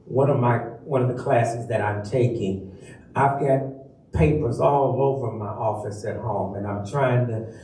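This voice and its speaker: Slow, emphatic preacher in an echoey church. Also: male voice, mid-range voice, warm tone, far from the mic. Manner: slow, emphatic teaching with call-and-response. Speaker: minister. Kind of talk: sermon. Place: church sanctuary.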